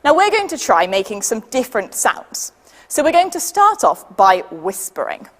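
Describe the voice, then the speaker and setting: A woman with a British accent leading a children's science demonstration, patient and lively, counting down for the audience to join in. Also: a little high, moderate pace, long reverb tail. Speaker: science workshop leader.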